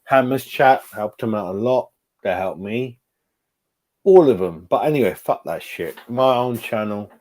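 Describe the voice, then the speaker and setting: A man's voice: on the low side, unhurried. A man, hosting his own fan channel and reacting live to his chat, swearing a lot. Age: 40s. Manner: sweary, animated, talking to chat.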